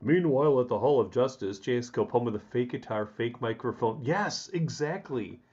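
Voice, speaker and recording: With an animated, medium-pitched voice, a darkish tone, and a moderate pace, a man from around Chicago runs a loose live chat. He chuckles, speaks to viewers by name, and goes on rambling rants about the news. The sound is dull lo-fi stream audio.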